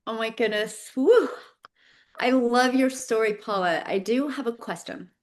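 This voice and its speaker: A woman's voice: a little high, moderate pace. Woman, host, online training, enthusiastic, encouraging, casual chat. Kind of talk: casual live call.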